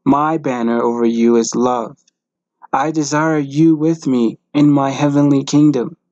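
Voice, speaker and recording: A man's voice: mid-range voice, steady tone, measured pace, darkish tone, no echo, muffled recording, natural voice. Man reading Jesus: earnest, pleading divine savior, mid voice, dry close sound. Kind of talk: devotional message reading.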